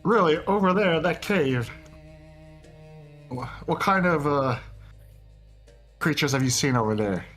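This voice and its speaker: A man voicing a boisterous, wildlife-loving adventurer, chummy and excitable, in tabletop role-play. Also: fairly high pitch, unhurried, long pauses, soft background music. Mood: eager. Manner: chummy, excitable, keeps saying mate.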